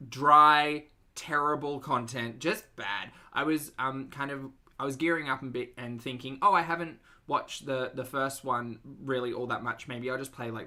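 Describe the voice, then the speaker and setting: An Australian man hosting a livestream, talking loudly in a chatty, self-mocking way as he greets viewers and comments on videos. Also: medium pitch. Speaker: reaction livestream host.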